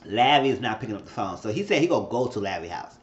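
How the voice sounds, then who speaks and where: A man with speech chats through an episode recap, his pitch leaping around as he retells scenes. The sound is roomy and a bit dull, like a home recording. He talks casually and throws in quick asides. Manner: animated, jumps to high squeals when quoting characters. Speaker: TV episode reviewer. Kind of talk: casual recap with acted-out quotes.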